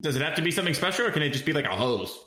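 Lively high-pitched man in echoey room. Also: very fast. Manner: playful, laughs often, teasing. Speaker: podcast co-host. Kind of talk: casual comedic chat.

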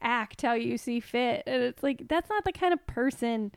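A woman's voice: on the high side, moderate pace, vocal fry, clear, resonant tone, dry recording, studio quality. A woman in casual podcast chat, speaking candidly and with emphasis. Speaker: podcast co-host.

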